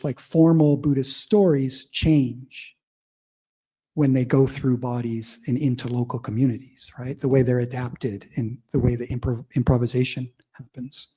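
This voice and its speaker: A man speaking to a live audience at a public lecture, with a somewhat husky tone. He tells stories in a loose, conversational manner, peppered with casual fillers. He keeps turning to the audience with questions. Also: mid-range voice, dark tone. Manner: conversational, heavy use of fillers like "like" and "you know"; vivid storyteller, audience-engaging. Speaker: academic speaker. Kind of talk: public lecture with personal anecdotes.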